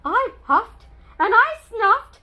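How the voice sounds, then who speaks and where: A woman's voice: very high-pitched, sing-song, takes it slowly, dull audio, heavy background noise, voice pushed up, exaggerated voice. A woman reading a children's book aloud as a chatty, wry male wolf telling his side of the story.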